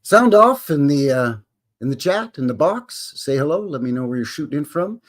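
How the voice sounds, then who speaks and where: Hosting a relaxed live stream, a man from Alberta chats in a rambling, folksy way and says hello to viewers by name. He has a Canadian accent and a rather high, sing-song voice at normal speed.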